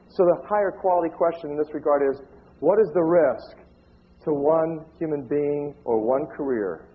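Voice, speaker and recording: A man giving a storytelling speech to an audience, animated and acting out the voices he quotes. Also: on the high side. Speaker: lecturer. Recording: narrow phone-like lo-fi sound.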